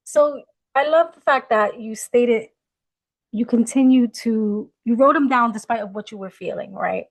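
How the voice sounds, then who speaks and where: Podcast host, woman, encouraging interviewer, slightly high voice, a bit distant from the mic. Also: measured pace.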